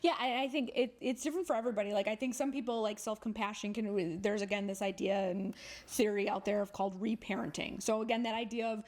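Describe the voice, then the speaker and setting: A woman's voice: mid-range voice, steady tone, fast talker, a little mellow. A woman therapist, a guest on a podcast, talking frankly and with energy in casual conversation, swearing freely and acting out inner voices.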